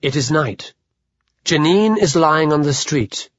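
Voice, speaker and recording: A man narrating a literary audiobook in a measured, even manner. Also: fairly high pitch, dry recording. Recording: dull lo-fi dry audio.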